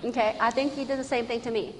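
Woman, high voice, earnest storyteller, church trainer, reverberant hall, faint noise. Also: steady tone, fast talker. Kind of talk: storytelling talk to an audience.

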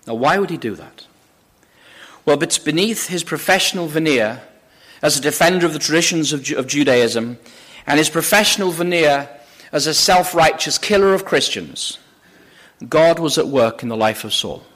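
A man's voice: a little high, expressive, normal speed, pauses often, fairly bright tone. A man preaching a sermon, reading scripture aloud with emphasis from slides on a screen. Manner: emphatic, rising on quoted scripture. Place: church or lecture hall with slides.

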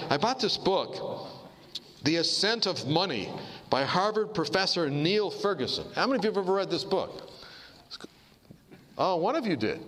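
A man's voice: fairly high pitch, a bit bright, a little hiss or hum. A man giving a sermon-style talk, telling stories with humor and asides to the audience. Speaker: preacher. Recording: long hall reverb.

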